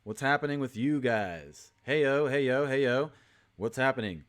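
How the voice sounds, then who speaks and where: A man's voice: mid-range voice, expressive, normal speed. Upbeat man hosting a livestream. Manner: upbeat, repetitive greetings, shouting out viewers. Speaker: crypto livestream host. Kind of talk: casual livestream chat.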